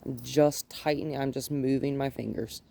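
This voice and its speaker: A woman dog trainer talks through a hands-on session outdoors, her voice mellow and warm. She moves between soft, coaxing praise and plain explanation, with faint background noise around her. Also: very deep voice, steady tone, normal speed, creaky. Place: outdoors by her front yard and gate.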